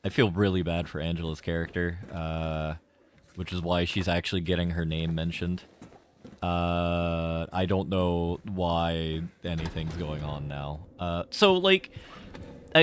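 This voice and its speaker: Male game streamer, young, lively swooping voice, low-pitched, profane tangents. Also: normal speed, a little hiss or hum. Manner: rambling, profane, trails off into tangents. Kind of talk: casual gameplay commentary.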